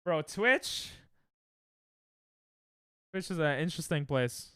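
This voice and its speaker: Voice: mid-range voice, sing-song, unhurried, long pauses, fairly bright tone, clean tone, no echo, studio quality. A young adult streamer chatting casually with viewers while playing, reacting to chat and laughing often. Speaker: Twitch streamer.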